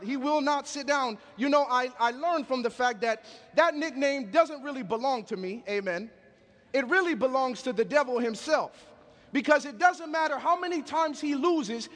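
A man's voice: extremely high pitch, big-room sound. A man preaching a sermon, telling stories with emphatic call-and-response.

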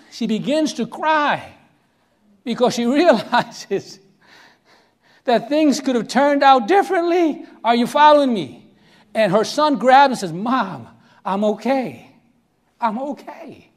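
A man's voice: very high voice, unhurried. A middle-aged man preaching, telling a story animatedly and acting out the voices, often asking listeners if they are following. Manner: animated, acts out voices in quotes, asks the audience if they follow. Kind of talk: sermon storytelling.

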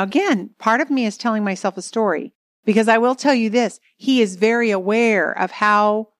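A middle-aged woman speaking at a marriage seminar, telling an animated, dramatic story to an audience. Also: medium pitch, no echo, clean studio sound.

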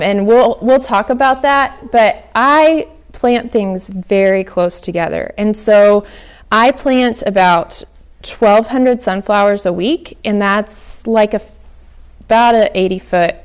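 A woman's voice: medium pitch, clean tone. A young woman from Oklahoma giving a casual workshop talk on flower farming, chatty with many ums and likes.

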